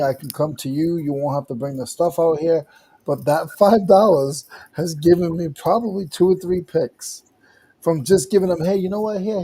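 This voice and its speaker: A man's voice: fairly high pitch, dark tone, breathy edge, rough recording. A man in casual chat on a video call who speaks hesitantly and stammers as he admits to something. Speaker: reseller on a panel.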